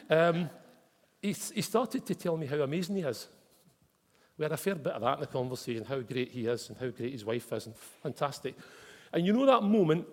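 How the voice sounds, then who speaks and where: A man's voice: a little high, very animated, fairly quick, a little mellow. A Scottish man preaching a chatty storytelling sermon, dropping in local words like wee and mate. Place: church hall with congregation. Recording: long reverb of a church hall.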